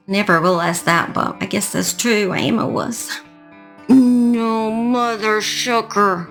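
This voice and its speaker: A woman's voice: fairly low pitch, a bit bright. A woman hosting a true crime channel, reading a scripted outro and then chatting casually, joking at her own expense with mild fake swearing.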